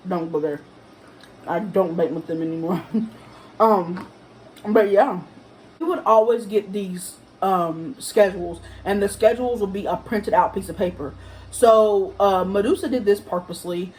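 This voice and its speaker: A young woman telling a casual storytime vlog to camera at home, acting out the quotes of the people in her story in a higher voice. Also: a little hiss or hum, rough recording. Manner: animated, acts out quotes in a higher voice. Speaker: vlogger.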